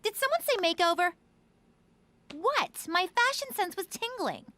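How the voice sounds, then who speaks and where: Squeaky vain teen girl. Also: sing-song, unhurried, exaggerated voice. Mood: bubbly. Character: vain fashion-obsessed teen daughter.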